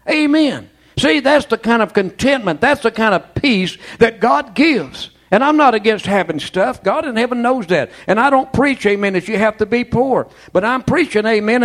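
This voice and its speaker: A man preaching a sermon as pastor, fervent and folksy, peppering his talk with amens and praise. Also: very high voice. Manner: folksy, colloquial storytelling.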